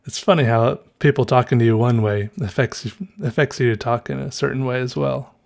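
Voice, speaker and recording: A man's voice: mid-range voice, steady tone, moderate pace, vocal fry, darkish tone. A man with a Southern American accent hosting a solo podcast, rambling and musing aloud, often correcting himself and chuckling. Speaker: podcast host. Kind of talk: casual solo podcast monologue.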